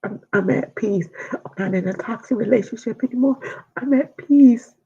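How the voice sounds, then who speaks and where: A middle-aged woman telling a personal story as an interview guest, halting and emotional, often dropping to a whisper. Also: fairly high pitch, creaky, dark tone, slightly rough, muffled recording. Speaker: guest sharing a family loss.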